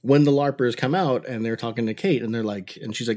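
A man's voice: mid-range voice, expressive, quick pace, darkish tone. A man co-hosting a podcast, chatting casually and enthusiastically about a show, laughing often. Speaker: podcast co-host. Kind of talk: casual recap chat.

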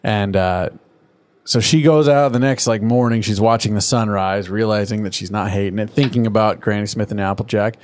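A man's voice: lowish voice, normal speed, slight background noise. A man co-hosting a casual podcast, recapping a cartoon episode and jumping into playful voices. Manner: lively, jumps into playful character voices. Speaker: podcast co-host.

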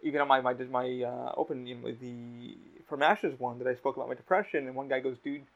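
Gravelly young man on a podcast. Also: mid-range voice, steady tone, fairly quick, highs cut off. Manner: emotional, swears a lot, lots of restarts. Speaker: podcast host. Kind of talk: casual podcast chat.

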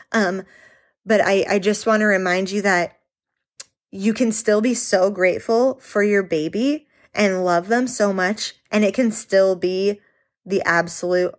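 A woman's voice: mid-range voice, steady tone, unhurried. A young adult woman telling other mothers, earnestly and candidly, about her own hard first year as a mom, with many fillers and restarts. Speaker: mom sharing her experience. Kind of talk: personal talk to the camera.

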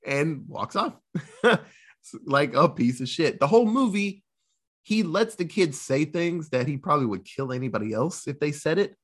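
Male co-host, casual film recap, expressive and husky, slips into character voices. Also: a little high. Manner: animated storytelling, quick voice switches for characters, laughs often. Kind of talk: casual movie recap chat.

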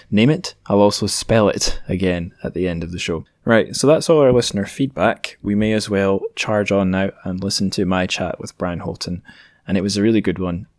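Scottish male podcast host, low-pitched, chatty and rambling, dry close recording. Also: no echo. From Scotland. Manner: chatty, rambling, self-correcting. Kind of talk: casual solo podcast chat.

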